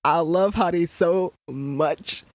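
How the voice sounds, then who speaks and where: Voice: medium pitch, slow pace, dry recording, clean studio sound. Profane, ranting young podcast host. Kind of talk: casual show commentary.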